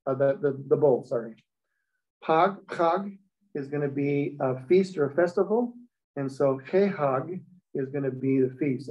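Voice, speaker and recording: A man teaching a Hebrew class, explaining step by step and checking in with the students. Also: fairly high pitch. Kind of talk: classroom lecture. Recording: dull lo-fi recording.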